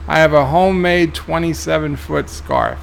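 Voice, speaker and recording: A man's voice: on the high side, huge pitch swings, normal speed, gravelly, a little hiss or hum. A man streaming a game, reading viewer comments aloud with dry, offhand replies. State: tired, yawning. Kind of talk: casual live-stream commentary.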